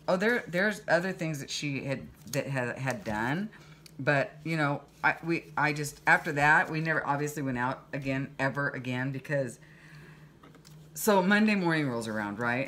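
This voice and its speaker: A woman's voice: extremely low pitch, a little hiss or hum. A woman vlogger casually telling a story to her viewers, chatty and indignant, acting out quoted lines. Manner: chatty, animated retelling with quoted dialogue; exasperated, indignant.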